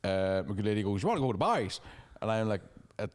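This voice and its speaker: A young Northern Irish man, co-hosting a comedy podcast, telling stories in a lively, swearing way. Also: on the low side, fast talker. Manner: animated storytelling with profanity and put-on quoted voices. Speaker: podcast co-host and stand-up comedian. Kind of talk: casual comedic chat.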